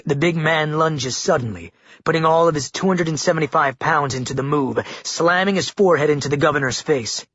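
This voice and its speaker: A husky, breathy male narrator reads a gritty audiobook in measured, dramatic tones. The recording is dull and lo-fi, dry with no room sound. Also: a little high, a bit bright, no echo.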